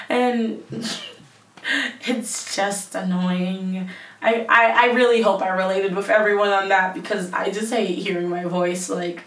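A woman's voice: mid-range voice, steady tone, measured pace, fairly bright tone, echoey room, recorded from a distance, rough recording. Rambling young woman on a headset mic. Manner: rambling, self-mocking, lots of fillers. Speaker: podcast host. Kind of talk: casual solo podcast chat.

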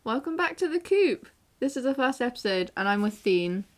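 A teenage woman hosting a casual podcast, giggly, excitable and easily flustered. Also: fairly high pitch, normal speed. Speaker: podcast host. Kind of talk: casual chat.

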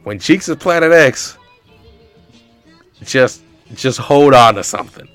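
Young adult man, mid-pitch, casual comic storyteller who rambles and piles on filler words. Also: slow, smooth, no echo, faint music behind. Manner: rambling, animated, heavy use of filler words.

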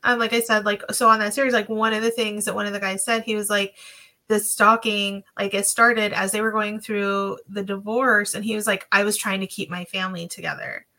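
A woman's voice: mid-range voice, little pitch movement, moderate pace, bright, forceful tone, rough recording. A woman podcast co-host talking casually and reflectively, with many fillers. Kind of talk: casual discussion.

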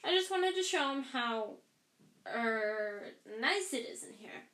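A woman voicing a brisk, bossy teenage schoolgirl in a storybook reading. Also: high-pitched, lively intonation, fairly bright tone, heavily acted. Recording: echoey room.

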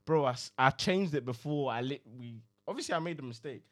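A man's voice: mid-range voice, lively intonation, a little fast, fairly bright tone, no room sound, studio quality. A young man co-hosting a podcast in casual chat, laid-back and mostly giving short replies. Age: young adult. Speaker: podcast co-host.

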